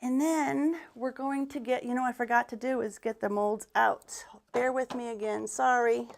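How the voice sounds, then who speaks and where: A woman's voice: fairly high pitch, steady tone, moderate pace, creaky. A woman giving a live craft demonstration as a paint retailer, talking in a chatty, rambling way with restarts and muttered asides, a bit out of breath.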